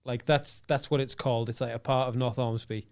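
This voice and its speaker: A young man with a Teesside accent talks as a podcast guest, his pitch plain and ordinary. He rambles loosely, piling up fillers and swearing freely. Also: steady tone, a little fast. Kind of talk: casual podcast chat.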